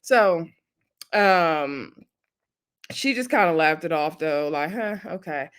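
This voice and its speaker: A woman's voice: deep voice, expressive, smooth. A woman, recapping a reality dating show in a casual, chatty way, laughing often and acting out what people said. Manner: chatty, laughs often, acts out quotes in quick asides.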